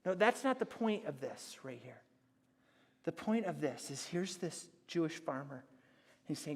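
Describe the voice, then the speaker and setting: A man preaching a sermon as pastor, animated and storytelling, acting out little scenes and dropping to a hush on key points. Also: on the high side, a little slow. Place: church sanctuary. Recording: church hall reverb.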